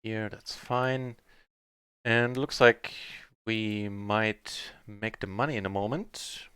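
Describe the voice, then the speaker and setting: A man streaming live poker, chatting through his hands in a mutter that breaks into excited shouts on big wins. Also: fairly low pitch, slow, smooth, no echo, studio quality.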